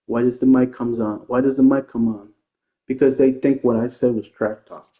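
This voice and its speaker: A man's voice: medium pitch, fairly even intonation, moderate pace, mellow. A man ranting casually about online opponents as a gaming streamer, rambling, defensive and repeating himself. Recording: tinny phone-like sound in an echoey room.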